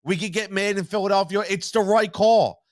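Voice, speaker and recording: A man's voice: high voice, steady tone, a little fast, no echo. A man hosting a live postgame sports reaction stream, fired-up and blunt, swearing freely and repeating his points. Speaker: sports talk host.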